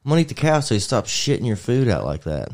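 A man's voice: mid-range voice, sing-song, fast, darkish tone. A man in casual chat, cracking crude, profane jokes in a rambling way.

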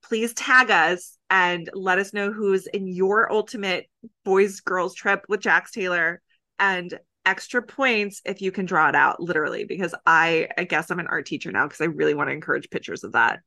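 Bright-voiced chatty woman podcaster. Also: fairly low pitch. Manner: chatty, rambling, quick jokes. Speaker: podcast co-host. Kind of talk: casual chat.

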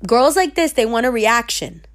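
Middle-aged woman ranting about a story, swears a lot, slangy and blunt, higher voice. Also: normal speed. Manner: blunt, profane and emphatic; streetwise slang. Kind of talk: casual storytelling rant.

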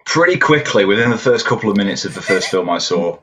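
A man's voice: fairly low pitch, animated, quick pace, a loud crowd. A young English man chatting casually as a podcast guest, laughing often and stumbling over restarts. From England.

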